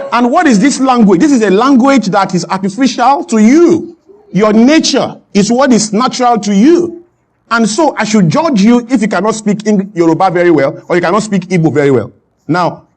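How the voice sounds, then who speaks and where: A man's voice: high-pitched, darkish tone. A man giving an impassioned talk, emphatic and repeating lines for effect. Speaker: guest speaker.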